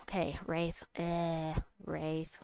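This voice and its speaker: A woman's voice: sits low, drawn-out words, gravelly, clean tone, no room sound. Chatty woman streaming a game. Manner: chatty, reads out and answers chat, squeals with excitement. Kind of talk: casual gameplay commentary.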